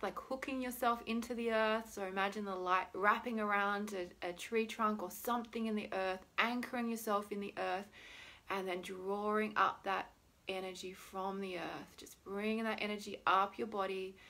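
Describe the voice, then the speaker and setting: A woman's voice: medium pitch, sharp tone. A young woman leading a guided tapping meditation with soothing, instructive talk and long sighs.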